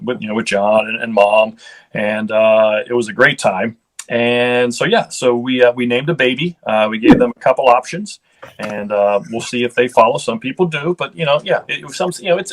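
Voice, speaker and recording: A man's voice: mid-range voice, fairly bright tone. A man in his fifties, from Ohio, telling casual stories as a guest, chatty and rambling with restarts. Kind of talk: casual storytelling.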